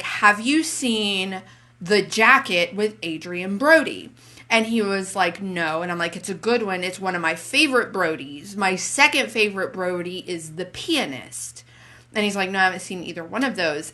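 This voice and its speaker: Bright-voiced woman telling movie stories. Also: medium pitch. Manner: animated storyteller acting out conversations. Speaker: podcast co-host. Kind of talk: casual chat about movies.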